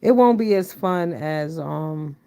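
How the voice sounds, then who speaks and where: A woman around fifty chatting casually with her livestream viewers, swinging between loud exclamations and low mutters. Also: animated, takes it slowly, vocal fry, no room sound, dull audio. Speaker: livestream host.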